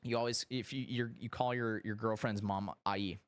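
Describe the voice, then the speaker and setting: A young man streaming, telling a story casually, animated and profane, his voice shooting up when excited and sinking low when he reflects. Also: normal speed, clear, resonant tone, no room sound. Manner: animated, swearing, jumps high in pitch when excited.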